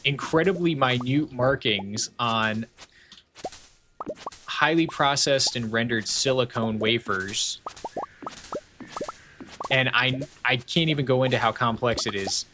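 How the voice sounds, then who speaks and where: A man streaming a video game from home, chatting casually and rambling off on tangents while reading chat aloud. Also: mid-range voice.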